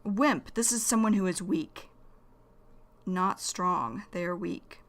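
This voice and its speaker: Slow, deliberate woman teaching English idioms. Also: mid-range voice. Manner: slow, deliberate, repeats each phrase. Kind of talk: slow vocabulary lesson explaining idioms.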